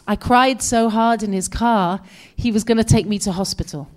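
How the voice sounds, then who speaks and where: A woman in her forties from Britain with a British accent, giving an expressive personal storytelling talk as a guest speaker. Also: medium pitch, moderate pace, hardly any pauses. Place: community center hall.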